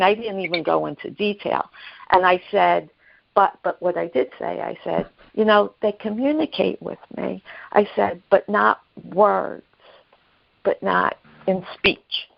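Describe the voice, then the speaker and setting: A woman telling an emotional personal story as a guest, halting and repeating herself, acting out the voices of the people she quotes. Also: medium pitch, creaky, lo-fi sound. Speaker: guest sharing her story. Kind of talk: emotional personal testimony on a podcast.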